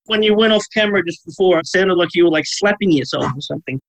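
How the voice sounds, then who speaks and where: A man's voice: high voice, fast talker, gravelly, poor audio. A man in his forties hosting a podcast, chatting casually with a joking, teasing manner. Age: 40s. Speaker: podcast host.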